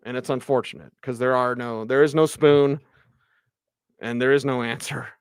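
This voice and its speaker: A man hosting a postgame sports radio show, ranting with animated exasperation and sarcastic asides. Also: mid-range voice, moderate pace, clean tone, no echo, studio quality. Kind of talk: postgame sports talk monologue.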